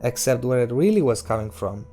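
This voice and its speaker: A man reading a novel aloud in a steady, measured narrating voice. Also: medium pitch, faint music behind. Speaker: audiobook reader.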